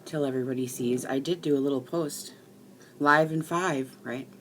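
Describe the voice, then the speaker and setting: A middle-aged woman rambling casually to live-stream viewers while she crafts at home, chatty and quick to swear. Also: very deep voice, a little hiss or hum.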